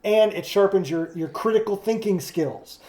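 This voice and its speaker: A man co-hosting a podcast who speaks earnestly in casual chat, halting with many restarts. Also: high-pitched, dark tone. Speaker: podcast co-host.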